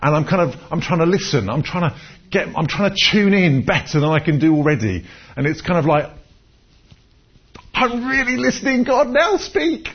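Husky-voiced male preacher, conversational sermon. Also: a little high, fairly quick. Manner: conversational, storytelling, repeats words when restarting. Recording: dull lo-fi recording.

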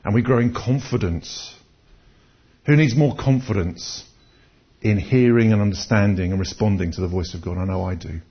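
A husky male voice on the low side moves at a moderate pace through a conversational sermon. He shares personal anecdotes and often starts over, repeating his words. The sound quality is dull and lo-fi.

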